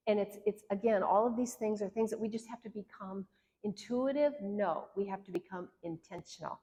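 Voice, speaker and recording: A woman therapist teaches a workshop on marriage, speaking earnestly and conversationally. She slips into quoted lines now and then to act them out. Her voice sits at a middle pitch and carries a long reverb from a large hall. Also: moderate pace, warm tone.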